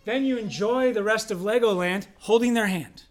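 High-voiced pastor preaching conversationally. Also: male voice, moderate pace. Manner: conversational, jumps into quoted voices, asks the congregation questions. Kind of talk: sermon.

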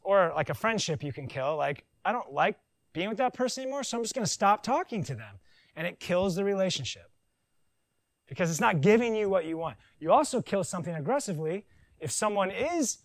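A man preaching a conversational sermon, joking and animated, with silly voices in his asides. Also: high voice, no echo, rough recording. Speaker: pastor.

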